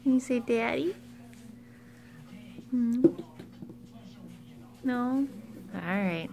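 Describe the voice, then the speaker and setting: A woman filming her babies at home on a handheld phone, talking in a gentle, coaxing, sing-song baby voice. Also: a little high, expressive, drawn-out words, gravelly. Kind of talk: home video baby talk. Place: family home.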